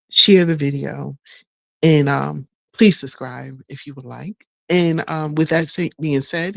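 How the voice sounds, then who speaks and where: A middle-aged woman chatting casually in a vlog, rambling and folksy, laughing often and a little hoarse from losing her voice. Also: deep voice, no echo. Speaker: vlogger.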